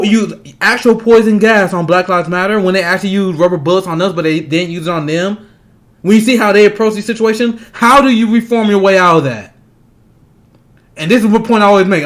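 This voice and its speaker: In an agitated state, this political commentator rants fast and angrily about politics, swearing and breaking into scornful laughter mid-sentence between points. He has a high-pitched, slightly bright voice.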